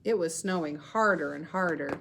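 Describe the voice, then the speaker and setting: A woman teacher reading a picture book aloud to her class, slow, clear and expressive. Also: deep voice, a little hiss or hum.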